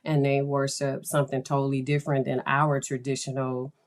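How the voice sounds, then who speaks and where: A woman's voice: rumbling low, flat delivery, fairly quick. A woman hosting her own podcast, talking in a chatty, enthusiastic way and laughing often. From United States. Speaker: podcast host. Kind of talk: casual podcast talk.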